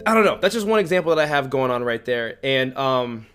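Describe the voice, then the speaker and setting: A young man hosting a podcast, telling a story in casual chat, animated and slangy, acting out the lines he quotes. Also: medium pitch, fairly quick, faint music behind. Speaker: podcast host.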